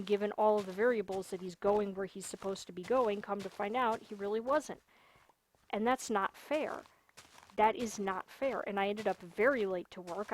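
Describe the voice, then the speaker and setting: A woman's voice: mid-range voice, slight background noise. Young woman streaming a game, just venting and chatting, says stuff twice for emphasis. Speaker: gaming livestreamer. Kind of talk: casual chat while streaming a game.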